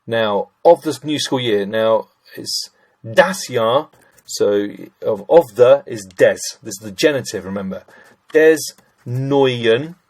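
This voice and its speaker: A man's voice: mid-range voice, lively intonation, slow, a little mellow. A middle-aged man teaching German grammar, chatty and thinking aloud as he works through sentences, addressing listeners as ladies and gents. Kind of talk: screen-recorded grammar lesson.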